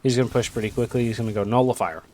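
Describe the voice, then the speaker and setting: A man's voice: mid-range voice, steady tone, rapid-fire, dark tone. A man casting a video game match in a casual, rambling way with joking asides. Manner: rambling, joking asides, lots of "you know". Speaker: esports caster.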